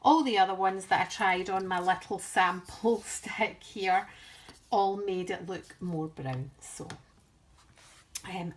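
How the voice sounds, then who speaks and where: A UK craft vlogger with a lowish voice chats her way through a project in a casual show-and-tell. She rambles and pokes fun at herself, with slight background noise behind her.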